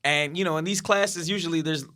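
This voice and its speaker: A man's voice: fairly high pitch, fairly quick, pushed and bright. A man as a podcast guest telling a story in casual talk, acting out what others said and swearing freely.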